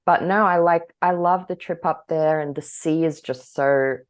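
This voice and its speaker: A woman's voice: low-pitched, unhurried. A woman co-hosting a podcast, talking candidly and rambling, often laughing between thoughts. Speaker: podcast co-host. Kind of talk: casual chat.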